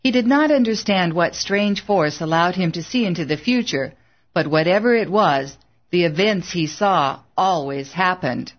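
A woman narrating an audiobook in a measured, earnest way, in a slightly dull lo-fi recording. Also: fairly low pitch, lively intonation.

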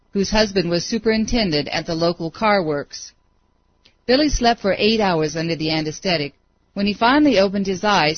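A woman narrating a story as an audiobook, with steady, dramatic read-aloud pacing. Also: fairly low pitch, no room sound. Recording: dry, dull lo-fi recording.

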